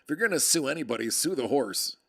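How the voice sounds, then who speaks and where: A man's voice: mid-range voice, expressive, fast, gravelly, fairly bright tone. A man hosting a card break livestream, chatting casually and joking with viewers in a rambling way. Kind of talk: casual chat.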